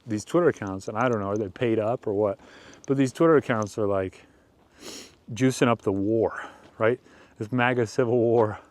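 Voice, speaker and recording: A man hosting a rambling commentary show, speaking with mocking deadpan sarcasm. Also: mid-range voice. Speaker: commentary host.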